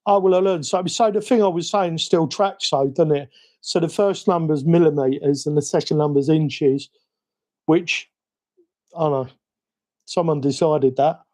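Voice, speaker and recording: A hobby livestream host with a Cockney accent chats casually while working, rambling and tossing in self-mocking asides. His voice is on the high side and darkish in tone, at a moderate pace.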